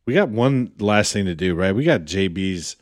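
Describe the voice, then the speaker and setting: Brief: deep, dry-sounding male podcast co-host, easygoing, says "dude" a lot. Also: animated, moderate pace, dry recording. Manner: laid-back, peppers speech with "man" and "dude". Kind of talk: casual podcast banter.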